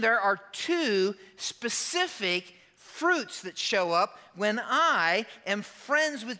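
A man delivers an animated sermon in a high, bright voice. He stresses his points hard and breaks into quick asides. A long hall reverb trails each phrase. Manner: emphatic, animated preaching with quoted lines and asides. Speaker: pastor.

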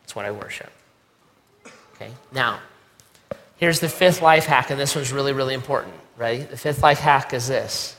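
A man's voice: mid-range voice, brisk, fairly bright tone, in a large hall. A middle-aged man preaching a conversational sermon, repeating key lines and acting out quoted voices. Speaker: pastor.

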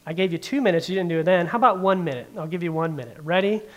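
A man's voice: high voice, rapid-fire, a bit bright. A man voicing a harsh male army drill sergeant who barks repeated commands. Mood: commanding.

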